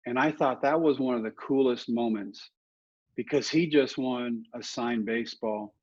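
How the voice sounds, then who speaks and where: A middle-aged man tells his stories with real animation, acting out the voices of the people in them. His voice has a husky grain to it. The recording is a little dull and lo-fi. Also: mid-range voice, normal speed. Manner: animated anecdotes, acting out other people's lines. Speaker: guest, former ballplayer and motivational speaker. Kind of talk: casual storytelling in a podcast interview.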